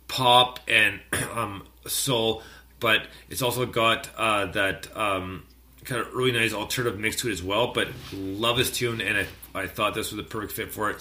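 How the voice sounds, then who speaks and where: A man from Canada hosts a music radio show with a bright, forceful voice. He rambles through his stories with lots of fillers, breaking into loud animated outbursts now and then. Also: lowish voice, slight background noise. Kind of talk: casual chat.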